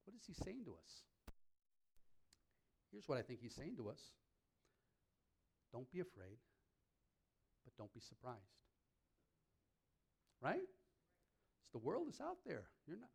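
A man preaching a sermon to a congregation in a church hall, lively and joking, his pitch leaping up on punchlines. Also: creaky. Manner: animated, jokes with the congregation, pitch leaps up on punchlines.

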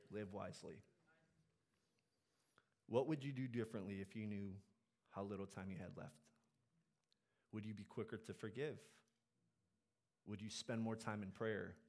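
A male pastor preaching a sermon in church, animated, swinging between loud exhortation and quiet, earnest asides. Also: fairly low pitch, moderate pace, long pauses.

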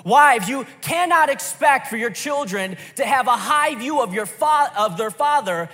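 A man preaching a sermon, telling a personal story in an animated way with quick restarts. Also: extremely high pitch, big-room sound, soft background music. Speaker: pastor.

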